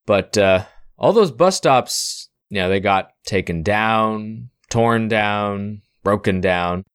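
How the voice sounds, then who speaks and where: A man narrating a tabletop role-playing game as game master, in a relaxed, wry way. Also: fairly low pitch, slow pace, clear, resonant tone, dry recording, clean studio sound.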